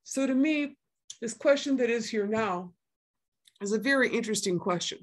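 A woman's voice: fairly high pitch, expressive, normal speed. Emphatic woman in her sixties. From northern Minnesota. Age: 60s. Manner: earnest, emphatic, repeats key points; frequent fillers and restarts. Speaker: guest speaker.

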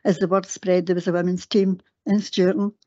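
An older woman with a Scottish accent tells her story in a mellow, warm voice, chatty and quick to laugh at herself. She often stops to correct her own words. The sound is a dull, lo-fi recording of a council meeting. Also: lowish voice, level tone. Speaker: guest speaker at a council meeting. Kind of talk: personal reminiscence speech. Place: council chamber.

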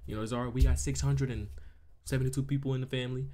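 A man's voice: medium pitch, flat delivery, racing, dark tone, a little hiss or hum. A young man talking casually over his gameplay as a YouTuber, repeating phrases and asking 'you feel me' often. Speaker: gaming YouTuber. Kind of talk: casual let's-play commentary.

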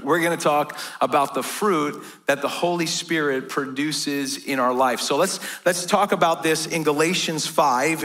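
A man's voice: a little high, sharp tone. A middle-aged American man, a pastor, preaching a sermon in a church in a casual, joking way and often asking "right?".

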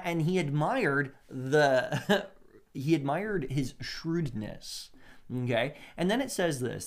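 A man preaching a sermon, lively and conversational, with asides and short laughs as he acts out the quotes. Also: medium pitch. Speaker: pastor.

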